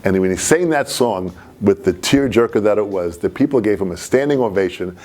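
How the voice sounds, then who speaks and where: A man telling a personal anecdote in an animated way, laughing as he goes. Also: lowish voice, fairly quick. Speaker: storyteller.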